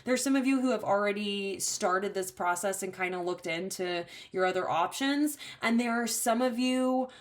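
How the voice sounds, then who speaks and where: A woman's voice: mid-range voice, normal speed, hardly any pauses. A woman giving a pick-a-card tarot reading, chatty and empathetic, rambling with many fillers. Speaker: tarot reader.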